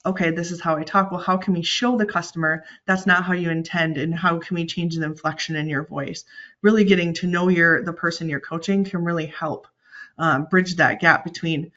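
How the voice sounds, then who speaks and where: Steady woman team lead on a call. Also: fairly low pitch, brisk, highs cut off. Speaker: webinar panelist, team lead. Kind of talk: conversational webinar talk.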